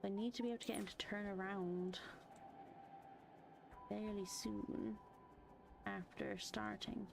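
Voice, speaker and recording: A woman's voice: mid-range voice, fairly even intonation, unhurried, creaky, pauses often, over music, low-quality recording. A woman streamer chatting casually while playing a game, laughing often and reading dialogue aloud.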